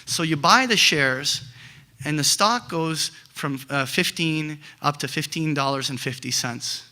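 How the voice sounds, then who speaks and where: Bright-voiced middle-aged male trading instructor. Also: fairly high pitch, unhurried. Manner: animated storytelling, many fillers and restarts. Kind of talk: lecture with acted examples.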